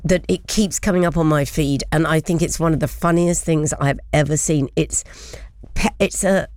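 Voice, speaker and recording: A woman's voice: sits low, steady tone, normal speed, darkish tone, no echo, clean studio sound. A woman hosting a radio talk show, telling a funny story in a chatty, laughing way. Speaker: radio host. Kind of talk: casual chat.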